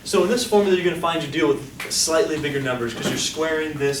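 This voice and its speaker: A man's voice: on the high side, fast talker. A man teaching a classroom lecture, upbeat, quizzing his students and coaxing answers out of them. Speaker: statistics lecturer. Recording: echoey room, distant mic, background noise.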